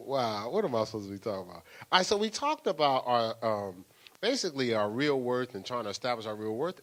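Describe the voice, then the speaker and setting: Lively older male pastor preaching. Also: medium pitch. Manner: lively, playful preaching with laughter and acted-out asides. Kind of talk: sermon.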